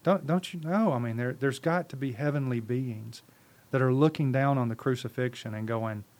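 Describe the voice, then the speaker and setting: A man's voice: medium pitch, moderate pace, darkish tone. A man speaking as a podcast guest, preaching in an impassioned, conversational way with rhetorical questions and repeated words. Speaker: podcast guest, ministry leader.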